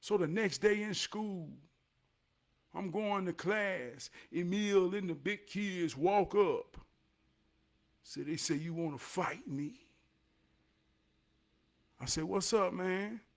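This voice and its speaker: A man in his forties telling a neighborhood story from his youth, animated, swinging from loud bursts down to a hush. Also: high voice, slow, creaky. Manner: animated, loud bursts, drops to hushed tones. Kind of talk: casual storytelling vlog.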